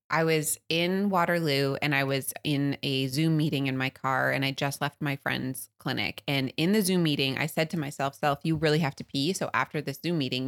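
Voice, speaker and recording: A woman, co-hosting a podcast, telling a story in an animated way, laughing often and acting out loud quotes. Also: a bass voice. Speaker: podcast co-host. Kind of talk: casual storytelling chat.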